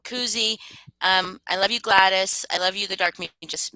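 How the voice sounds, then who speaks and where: A woman hosting a casual livestream, talking candidly and swearing freely. Her voice is bright and forward. The sound is dry and close. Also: mid-range voice, fairly even intonation, moderate pace, no room sound, low-quality recording. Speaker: livestream host.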